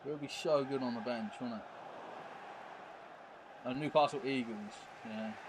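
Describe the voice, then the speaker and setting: A man chats away casually while streaming a football video game. He rambles from thought to thought and keeps tacking on tag questions. Steady background noise and passing vehicles sit behind his voice. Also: medium pitch, moderate pace.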